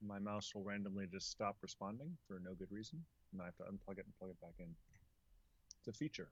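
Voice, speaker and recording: A man's voice: sits low, quick pace, breathy edge. A man working as recording engineer, giving terse cues in a laid-back way. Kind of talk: casual session talk. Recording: dull distant talkback line.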